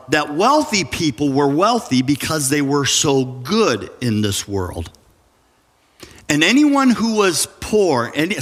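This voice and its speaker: A pastor preaching a sermon in an earnest, emphatic way, with dramatic pauses, in a church sanctuary. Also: male voice, fairly high pitch, a bit bright. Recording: church sanctuary with long reverb.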